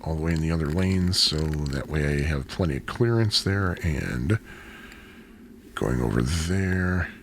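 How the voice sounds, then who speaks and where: A man with a deep, low voice chats as he rides through city streets, drifting into rambling, self-deprecating asides. He is recorded on an action camera out in the open, with loud wind and traffic noise behind him. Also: lively intonation, measured pace. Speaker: cycling vlogger. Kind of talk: casual narration while riding a bike. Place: outdoors on a city bike trail and streets. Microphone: bike- or body-mounted action camera.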